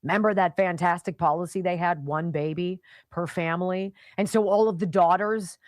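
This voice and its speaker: A middle-aged woman hosting a talk radio show, delivering an animated, emphatic opinion monologue with mocking asides. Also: on the low side, moderate pace, dry recording.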